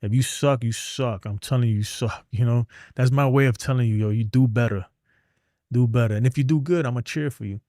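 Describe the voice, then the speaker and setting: A man's voice: mid-range voice, fairly quick, mellow, no room sound, studio quality. A middle-aged man, ranting bluntly and rambling in a casual livestream, trailing off into mumbles. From New York. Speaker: sports streamer.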